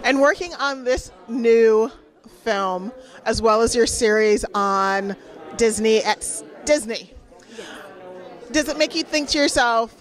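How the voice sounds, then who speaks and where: A woman's voice: on the high side, slow pace, a faint crowd. A woman interviewer asking questions in an eager, gushing, casual manner.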